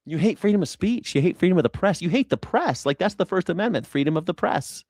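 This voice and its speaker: A man's voice: high-pitched, expressive, fast talker, darkish tone, dry recording, clean studio sound. A man streaming political commentary in a heated, profane rant, sarcastic and mocking his opponents. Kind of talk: ranting live stream commentary.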